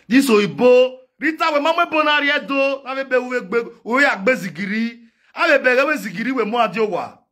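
A man with a Nigerian Pidgin accent, delivering a loud comic rant in chanted, repetitive call-outs. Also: extremely high pitch, lively intonation, moderate pace. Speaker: online comedian. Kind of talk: singing and shouting comic rant.

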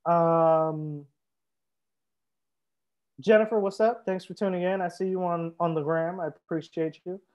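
Young male sommelier, high voice, relaxed livestream banter, dull lo-fi audio. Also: unhurried, long pauses. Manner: relaxed, joking, reads viewer comments aloud. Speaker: sommelier hosting a live wine tasting. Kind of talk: casual livestream chat.

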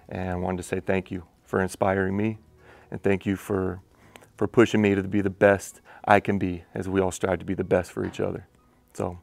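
A male teacher speaks to his students from the heart, his voice low and gravelly and kept to a narrow, even pitch. He sounds emotional and close to tears. Faint music plays behind him. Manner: emotional, holding back tears.

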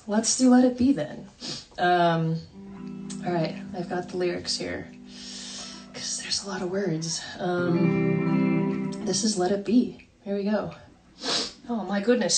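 A woman's voice: medium pitch, slow, pauses often, a little mellow, soft background music. Chatty woman musician, slightly distant mic. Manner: chatty and self-deprecating, laughs often. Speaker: singer-songwriter streaming live from home. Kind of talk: casual livestream chat between songs. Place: home, by a fire.

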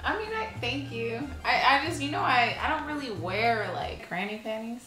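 A woman vlogger speaks in a high voice with lots of lilt, playful and teasing. The room rings with echo and music plays clearly behind. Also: animated, normal speed, pushed and bright. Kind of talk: casual chat. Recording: roomy room with background music.

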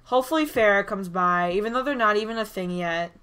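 A woman giving chatty, excitable commentary over a life-sim game, recorded on a desk mic at her computer. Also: mid-range voice, moderate pace, clear, resonant tone. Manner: chatty and excitable, frequent "oh my gosh" and small gasps. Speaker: gaming YouTuber. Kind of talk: casual gameplay commentary.

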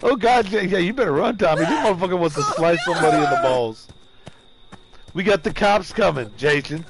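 Brief: loud, profane male game streamer, high voice with big swings. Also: brisk, heavy background noise. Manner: loud, excitable, profane taunting. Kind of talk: live gaming commentary.

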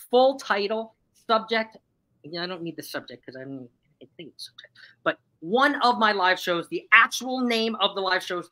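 Woman, live stream host, casual chat, very animated pitch, chatty and upbeat, laughs a lot. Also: rough recording. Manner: chatty, upbeat, laughs often while reading chat replies. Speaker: livestream host running a trivia game.

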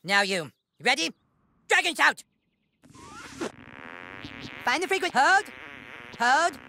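A man's voice: extremely high pitch, sing-song, normal speed, background noise, exaggerated voice. A man voicing a bossy, scheming boy who plays a wizard leader, talking in a pompous, commanding way in a video game. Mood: coaching. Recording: game audio over loud music.

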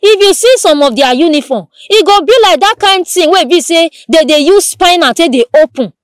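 A woman presents the news in a studio with a Nigerian Pidgin accent, her very high-pitched voice moving briskly through the day's stories. She tells them in a lively, repetitive way full of exclamations, and the studio-quality audio has no room sound.

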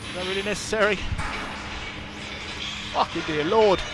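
Guy playing a scary game, swears constantly, kinda high voice, noisy mic. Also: moderate pace. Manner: swearing, jumpy, talks back to game characters. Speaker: gamer. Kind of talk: horror game let's play commentary.

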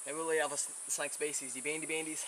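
A man's voice: a little high, level tone, fast. An Australian man presenting wildlife in the field, handling a venomous snake, switching between soothing murmurs and eager explanation, sweating and a bit out of breath. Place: outdoors in bush country. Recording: outdoor field recording, loud insect noise. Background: buzzing insects and crickets.

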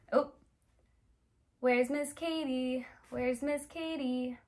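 A young woman leads a toddler music class in a high, bright-pitched voice. She speaks slowly and gently, playful and encouraging. She keeps asking the little ones questions. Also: fairly even intonation. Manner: gentle, playful, talks straight to small children with many questions. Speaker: children's music teacher.

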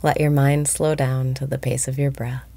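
A woman guiding a meditation, speaking slowly and softly, often breathy and whispered. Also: a bass voice, little pitch movement, dry recording. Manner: slow, soft-spoken, often breathy and whispered. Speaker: meditation guide. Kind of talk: guided meditation.

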